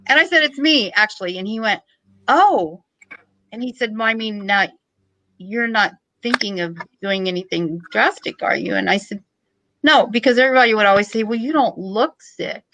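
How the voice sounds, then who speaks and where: Woman, middle-aged, clear bright tone, joking storyteller, podcast guest. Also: mid-range voice, moderate pace, pauses often, dry recording, poor audio. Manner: joking, animated storytelling with laughs. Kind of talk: casual storytelling.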